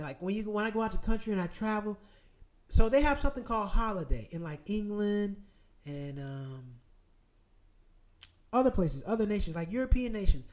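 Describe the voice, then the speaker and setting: A man's voice: sits high, a little mellow. A man hosting casual commentary, emphatic and blunt, repeating his points. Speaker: host.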